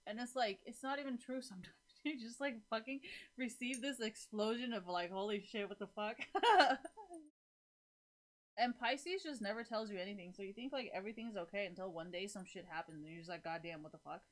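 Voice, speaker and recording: A woman's voice: on the high side, brisk. A woman chatting casually and rambling, swearing freely and laughing often. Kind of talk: casual chat.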